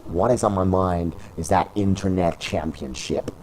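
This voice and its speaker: A man voicing a confident male pro wrestler, speaking calmly and steadily in a low voice. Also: moderate pace, slight background noise, natural voice, poor audio. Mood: determined.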